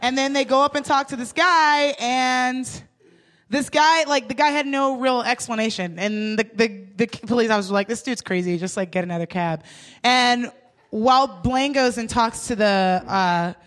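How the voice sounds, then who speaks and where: A woman co-hosting a live comedy show, telling an animated story and acting out the quotes. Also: fairly high pitch, moderate pace. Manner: animated, acts out quotes, laughs often. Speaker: comedy podcast co-host. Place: live stage before an audience.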